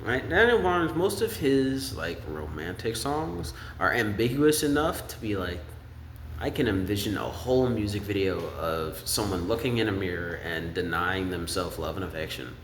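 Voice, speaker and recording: A man's voice: expressive, moderate pace, a little hiss or hum. A man casually breaking down song lyrics, rambling and thinking aloud. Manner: rambling, sings snippets of lyrics in falsetto. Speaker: music commentator. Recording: echoey room with faint ambience.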